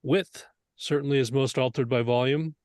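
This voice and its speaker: A man's voice: medium pitch, fairly even intonation, moderate pace, darkish tone, no echo. Man explaining mixing in a dry room. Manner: earnest, explanatory, with rhetorical questions. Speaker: mixing instructor. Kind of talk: teaching a lesson on mixing.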